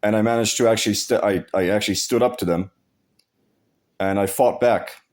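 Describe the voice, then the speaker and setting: Speaking at a brisk clip with fairly even intonation, this man has a low, darkish voice. His casual vlog monologue is a blunt, profanity-heavy story full of restarts and repeated phrases.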